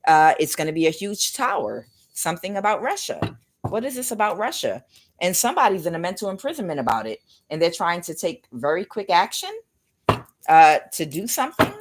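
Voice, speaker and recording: A woman's voice: fairly low pitch, sing-song, a little fast, a little hiss or hum. A woman giving a casual spiritual tarot reading, rambling and speculative, talking straight to her viewers. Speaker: tarot reader.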